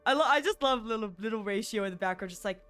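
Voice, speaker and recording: A woman's voice: mid-range voice, fast, a bit bright, faint music behind. A woman streamer chatting casually as she plays, rambling and giggling with plenty of fillers. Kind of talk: casual chat while gaming.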